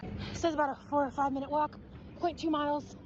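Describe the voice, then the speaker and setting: A woman with a fairly high voice talks casually into her phone while walking a busy city street, loose and a little giggly. The phone sound is muffled, and traffic and city noise are clearly heard behind her. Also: level tone, fairly quick. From Florida. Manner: chatty, self-deprecating, giggly. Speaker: vlogger. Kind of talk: casual travel vlog. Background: traffic and city ambience.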